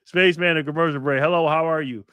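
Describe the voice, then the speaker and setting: A man's voice: steady tone, quick pace, sharp tone, clean tone, no room sound. A man hosting a casual livestream, reading viewer comments aloud in an upbeat, laid-back way and laughing often. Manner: upbeat, hypes up viewers with repeated "boom". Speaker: livestream host.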